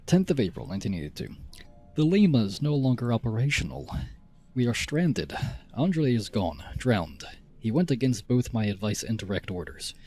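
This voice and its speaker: A man's voice: mid-range voice, sing-song, moderate pace, mellow, soft background music. A man faking a zealous Russian captain. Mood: preaching. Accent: put-on Russian. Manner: preachy, fervent. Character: ranting zealous male ship captain.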